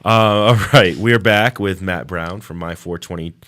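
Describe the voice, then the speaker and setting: Deep-voiced man with a Boston accent. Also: unhurried, a bit bright. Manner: loose, rambling, stream of consciousness. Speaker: host. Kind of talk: casual radio talk show.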